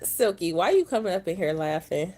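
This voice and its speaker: Her voice fairly low, animated, and a little mellow, a woman trucker speaks to her viewers in an emotional vlog, upset after just getting up. She drawls slowly and says y'all to her audience.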